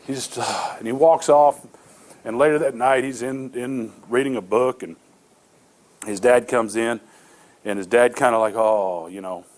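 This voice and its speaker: A man's voice: medium pitch, unhurried. A middle-aged male pastor preaching a sermon, telling stories earnestly with many repeated restarts.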